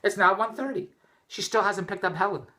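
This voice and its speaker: A middle-aged man, just in from the rain, vlogs indoors with a rambling, exasperated rant that restarts many times. His high voice moves fairly quickly and has a pushed, bright quality.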